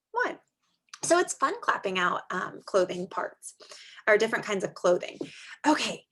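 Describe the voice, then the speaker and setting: A young adult woman teaching a small group of young children in a slow, sing-song manner with drawn-out words. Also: on the high side. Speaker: preschool teacher.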